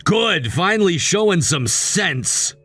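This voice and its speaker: A man's voice: high voice, very animated, takes it slowly, pushed and bright, no room sound, faint music behind, full character voice. Synthetic man voice as a controlling husband. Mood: dismissive. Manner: curt, dismissive delivery. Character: controlling young husband, cold and demanding. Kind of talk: text-to-speech story reading.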